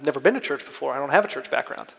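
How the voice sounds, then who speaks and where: A man's voice: mid-range voice, lively intonation, rapid-fire, vocal fry, fairly bright tone, slightly rough, in a large hall, full character voice. A man voicing a humble, repentant criminal who answers questions plainly and sheepishly.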